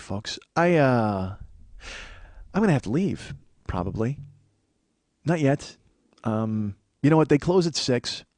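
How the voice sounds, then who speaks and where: A man's voice: mid-range voice, darkish tone, no room sound. An American man in his forties hosting a comedy podcast, rambling through a profane, self-mocking solo monologue. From United States. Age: 40s. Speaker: podcast host.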